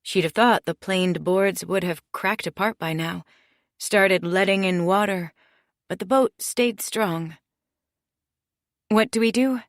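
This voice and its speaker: A woman reading a mystery audiobook in steady, measured scripted narration. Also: lowish voice, no room sound, clean studio sound.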